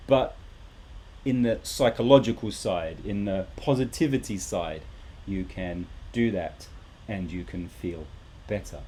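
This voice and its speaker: A man's voice: lowish voice, normal speed, warm tone, a little hiss or hum. A man teaching a live English lesson, talking animatedly and repeating rhetorical questions to his students.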